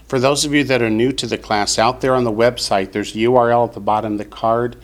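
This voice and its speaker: A man teaching a Hebrew class, saying each word slowly and clearly so his students can repeat it. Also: medium pitch, fairly even intonation. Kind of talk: classroom lesson.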